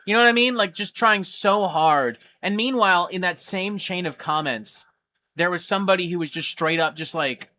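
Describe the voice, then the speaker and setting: Animated, profane male livestream host. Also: on the high side, fast. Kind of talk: casual livestream chat.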